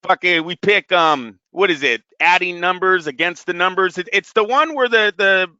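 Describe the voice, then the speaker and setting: Man, thirties, animated storytelling, high pitch, bright voice, dry lo-fi recording. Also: normal speed, clean tone, dry recording. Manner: animated storytelling, heavy swearing. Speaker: podcast co-host. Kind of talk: casual chat.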